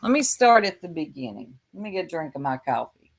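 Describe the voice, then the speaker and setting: A woman's voice: lowish voice, big pitch swings, a little fast, slight background noise. A woman hosting a casual livestream, rambling and chatty as she answers viewers in her chat by name, speaking into a desktop mic. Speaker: YouTube livestream host.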